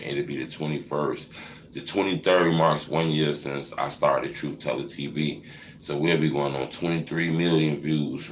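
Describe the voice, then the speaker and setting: A man in his thirties hosting a casual live Q&A, answering viewer questions with profane, teasing banter that swings into loud mocking rants. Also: low voice, echoey room, slight background noise. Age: 30s.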